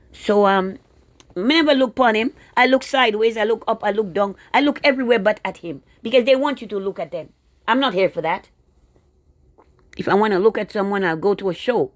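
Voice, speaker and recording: A woman's voice: mid-range voice, dry recording. Woman ranting sarcastically to camera. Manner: sarcastic, indignant, talks to viewers directly. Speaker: video blogger. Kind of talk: casual ranting monologue.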